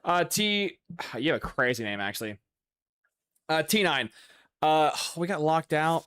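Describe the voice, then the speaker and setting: Excitable young man commentating a game. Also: fairly high pitch, unhurried, long pauses, clean tone, dry recording. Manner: excitable, swears, loud outbursts. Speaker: gaming YouTuber. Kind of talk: casual gameplay commentary.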